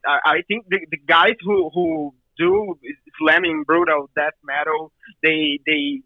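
A Brazilian man with a Brazilian Portuguese accent speaks slowly, stumbling and repeating words as he hunts for the next one. His voice sits fairly high for a man. It comes through a dull, lo-fi phone line. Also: animated, no echo. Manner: halting, repeats words while searching for them. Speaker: guest musician. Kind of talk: casual interview.

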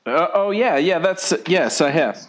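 Man, podcast co-host, laid-back, joking, lively pitch. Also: measured pace. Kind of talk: casual chat.

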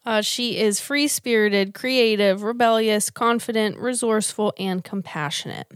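A woman's voice: medium pitch, a little slow, clean tone, no room sound, clean studio sound. Giggly, foul-mouthed woman podcaster. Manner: giggly, swears freely. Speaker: podcast co-host. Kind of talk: casual chat.

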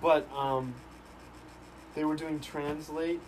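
Young man, slow drawl, lively pitch, noticeable background noise. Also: rough recording. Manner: playful, bursts into loud laughs. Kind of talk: casual chat.

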